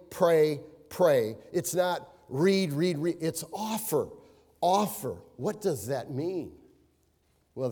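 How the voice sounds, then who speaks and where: Mellow-voiced middle-aged man preaching. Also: medium pitch. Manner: emphatic, repeats key words, anecdotes with chuckles. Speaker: pastor. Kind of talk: sermon. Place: church sanctuary. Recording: long reverberant hall.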